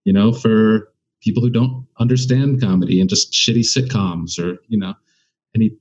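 A man's voice: on the low side, steady tone, normal speed, a little mellow, highs cut off. A man who does stand-up comedy, talking as a guest in a casual conversation and thinking aloud with many restarts.

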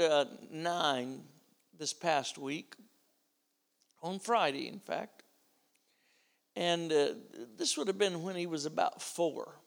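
Gravelly, high-pitched man preaching. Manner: animated storyteller, acting out dialogue. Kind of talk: sermon with storytelling.

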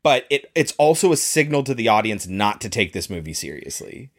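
A man's voice: on the low side, big pitch swings, fairly quick. A man co-hosting a casual podcast chat, wryly breaking down a film's flaws and often laughing. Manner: wry, explanatory, laughs often. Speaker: podcast co-host. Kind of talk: casual chat reviewing a film.

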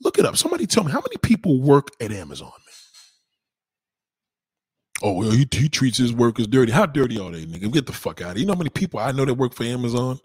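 A husky-voiced man rants, sweary and heated. His voice swings up and down all over, and the sound is dry and close. He jumps from loud bursts to low muttering. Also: huge pitch swings, racing, no echo. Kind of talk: profane ranting monologue.

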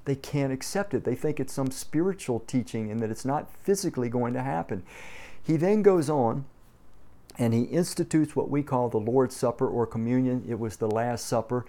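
A man's voice: mid-range voice, moderate pace, dark tone. A man preaching a sermon as pastor, emphatic and often repeating words as he starts a phrase.

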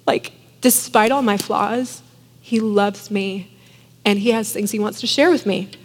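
A woman's voice: mid-range voice, a little slow, in a large hall, a little hiss or hum. A woman in her thirties, a mother, giving an earnest, casual devotional talk full of "like". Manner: earnest, many fillers of "like". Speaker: Christian speaker.

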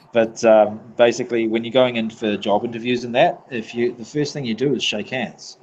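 A man's voice: mid-range voice, fairly even intonation, a little slow, slight background noise, rough recording. A man from New Zealand with a New Zealand accent, a podcast guest in casual chat who laughs often, swears freely and restarts his sentences.

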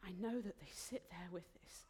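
A woman preaching a sermon in a church, heartfelt and emotional, dropping into soft whispered asides. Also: on the low side, normal speed, background noise.

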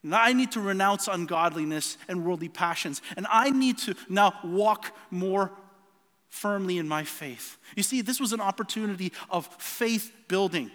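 A man's voice: sits high, lively intonation, normal speed, a bit bright, long reverb tail. A man preaching a sermon, telling a personal story earnestly with many restarts and repeated words.

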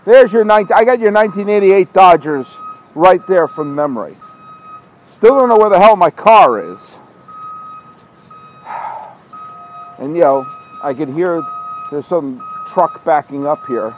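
His high-sitting voice swoops wildly in pitch, moving a little slowly with long pauses, on a low-quality recording. A podcast host on a nighttime walk through an outdoor parking lot, he rambles and scolds himself in exasperation while street noise and a truck backing up fill the background.

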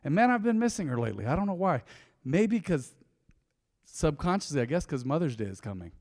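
A pastor gives a casual devotional sermon, teaching from Bible verses and speaking directly to his listeners. His delivery shifts between emphatic and soft, reflective moments. His voice is fairly high and sing-song, his pace fairly quick, and the sound carries like a big room.

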